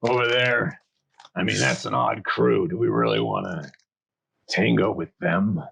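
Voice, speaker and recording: A man voicing a big, brawny male half-orc in a tabletop game who is slow and unsure. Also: low voice, big pitch swings, creaky, fairly bright tone, slight background noise, voice pushed down, full character voice. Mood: doubtful.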